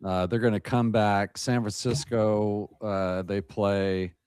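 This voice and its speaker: A man with a joking, lively storytelling manner, chatting casually as a guest on a podcast over a video call. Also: fairly low pitch, slow, clean tone, no echo, clean studio sound.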